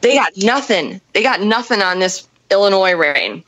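A woman telling a story in casual chat, animated and profane, acting out the people in it. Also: mid-range voice, normal speed, low-quality recording. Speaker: storyteller on a podcast.

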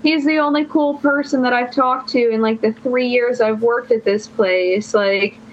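Slight background noise sits under this dull, lo-fi podcast clip. A young adult woman with a slightly high voice talks at normal speed, wandering through a lengthy personal story and dropping "like" into every phrase.

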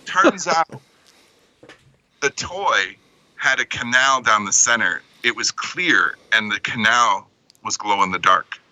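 Bright-voiced man telling a story. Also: mid-range voice, slow pace, no room sound, poor audio. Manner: animated, laughs through his story. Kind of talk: casual storytelling.

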